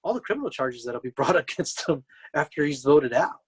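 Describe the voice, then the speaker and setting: A man from the United States, talking in a measured, agreeable way as a podcast co-host. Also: fairly high pitch, lively intonation, slightly rough. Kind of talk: casual chat.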